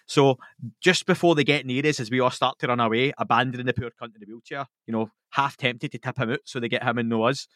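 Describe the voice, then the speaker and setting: Man, Glasgow accent, casual podcast chat, sweary, lively storytelling, dry sound. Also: medium pitch, fast, no echo. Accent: Scottish, Glaswegian. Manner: sweary, animated, laughs through his stories. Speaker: podcast guest.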